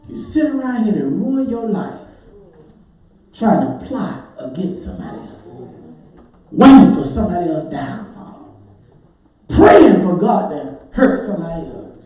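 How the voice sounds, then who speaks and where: A man, a pastor, preaching a sermon with lively voices for his congregants, breaking into shouts and sung phrases. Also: high-pitched, measured pace, long pauses, heavy background noise. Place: church sanctuary. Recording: echoey church heard from far off.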